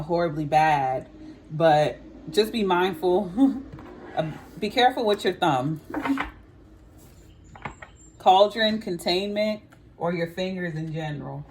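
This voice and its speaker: A woman talks her viewers through a tarot spread in a relaxed, musing way, often thinking aloud with "I feel like". Her voice sits somewhat low for a woman. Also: measured pace, long pauses, a little hiss or hum. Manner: chatty, musing, frequent "I feel like". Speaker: tarot reader. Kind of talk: casual psychic reading to camera.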